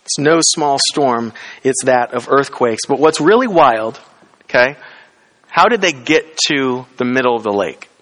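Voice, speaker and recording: A pastor preaches conversationally, often asking the congregation questions and acting out quoted lines with rising pitch. His voice is expressive and a bit bright, and he speaks a little slowly.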